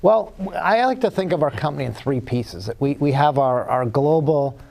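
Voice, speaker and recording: Gravelly-voiced man answering interview questions. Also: fairly high pitch, lively intonation, a little mellow, a little hiss or hum. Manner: measured, with many fillers and restarts. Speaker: guest executive.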